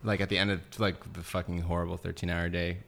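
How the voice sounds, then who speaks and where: Podcast co-host, male, low and gravelly, loose filler-heavy chat. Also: little pitch movement, fast, fairly bright tone. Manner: rambling anecdotes full of "like". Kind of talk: casual chat.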